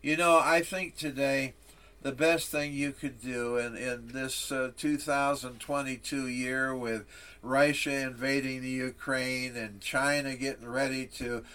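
A man's voice: medium pitch, steady tone, a little slow, sharp tone. A male preacher telling a solemn story, then delivering a sermon.

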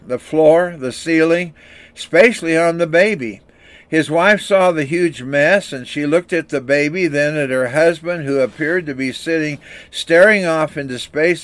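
An older man preaching a sermon, reading scripture and telling anecdotes in an earnest, storytelling way. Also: a little high. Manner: earnest, storytelling delivery with small restarts. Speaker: pastor.

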